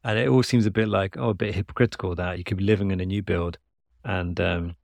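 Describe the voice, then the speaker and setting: Low gravelly man chatting. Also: steady tone, fast talker, no room sound. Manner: chatty, rambling, self-deprecating with frequent restarts. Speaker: podcast host. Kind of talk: casual podcast chat about tweets.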